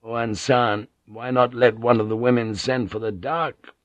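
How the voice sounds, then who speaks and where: A man's voice: mid-range voice, steady tone, measured pace, no room sound, muffled recording, close to an everyday voice. A man voicing an older samurai soldier in an audiobook, rambling and gossipy. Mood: conspiratorial. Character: older male samurai soldier, crude and helpful. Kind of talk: audiobook character reading.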